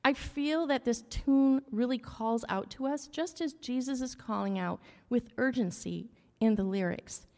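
A church music leader with a fairly high, darkish voice gives a congregation a casual hymn lesson at a measured pace. She explains rhythm, humming beats and saying "okay?" often, with a large room's long echo around her.

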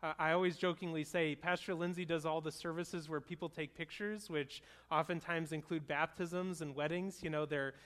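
A man's voice: on the high side, steady tone, normal speed, few pauses, fairly bright tone. A man in his thirties, a pastor preaching a sermon in an earnest, conversational storytelling way. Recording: long hall reverb.

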